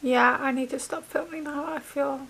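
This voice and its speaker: A young woman vlogging casually while sick with a fever, talking softly and often dropping to a whisper. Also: high voice, fairly even intonation, moderate pace. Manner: soft, tired, often drops to a whisper. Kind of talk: casual vlog chat.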